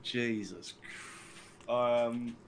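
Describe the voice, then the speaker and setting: A man's voice: medium pitch, fairly even intonation, drawn-out words, slight background noise. A young man with an English accent chatting casually, rambling and filling his talk with "like" and the odd swear word. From England. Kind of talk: casual chat.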